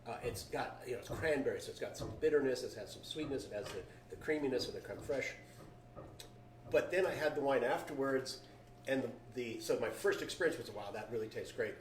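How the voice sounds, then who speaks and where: A man's voice: medium pitch, a little fast. Man describing flavors in a roomy cellar. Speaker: winery founder. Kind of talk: casual wine tasting chat. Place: wine cellar. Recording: roomy, distant mic, faint noise.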